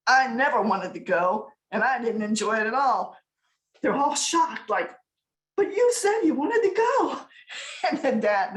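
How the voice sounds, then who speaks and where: A woman's voice: mid-range voice, reverberant. A middle-aged woman giving a casual business workshop talk, chatty and often laughing as she tells stories.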